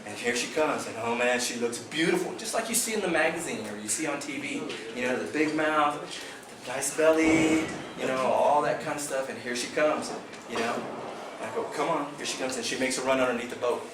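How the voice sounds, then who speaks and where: Man, lively storyteller, echoey room, distant camera, noisy background. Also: mid-range voice, brisk. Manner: animated storyteller acting out quotes. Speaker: fishing team member recapping a tournament. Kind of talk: storytelling to a club meeting. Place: club meeting room.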